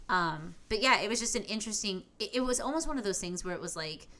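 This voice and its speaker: A woman's voice: mid-range voice, expressive, quick pace, bright, forceful tone. A woman co-hosting a podcast who talks candidly in casual chat and swears freely. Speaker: podcast co-host.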